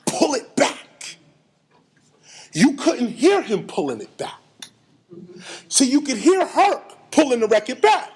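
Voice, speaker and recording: A middle-aged man giving an animated storytelling lecture, acting out sounds and quotes. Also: very high-pitched. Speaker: hip hop lecturer.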